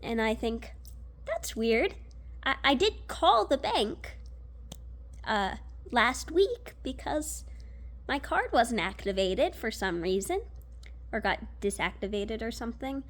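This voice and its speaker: A young woman telling a personal story in a casual, animated way, full of fillers, restarts and swearing. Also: on the high side, slow pace. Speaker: vlogger.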